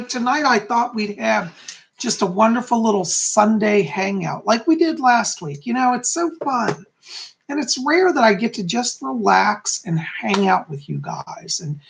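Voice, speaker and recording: A man chats casually with his viewers on a live stream, upbeat and talkative. His voice carries a gravelly, creaky edge. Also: high-pitched, fairly bright tone. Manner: chatty and upbeat, greeting viewers by name. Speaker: psychic hosting a live stream.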